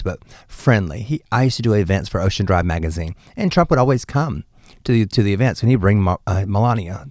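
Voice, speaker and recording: Deep-voiced man telling campy stories. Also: dry recording, clean studio sound. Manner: animated, campy, laughs often, jumps up in pitch. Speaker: guest, drag performer. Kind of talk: casual interview storytelling.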